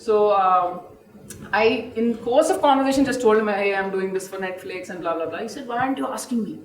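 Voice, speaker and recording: A woman's voice: mid-range voice, fast, echoey room, distant mic, low-quality recording. A woman with an Indian English accent, a film director, answering thoughtfully in an interview and slipping into Telugu phrases. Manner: thoughtful, mixes Telugu phrases, hesitant fillers.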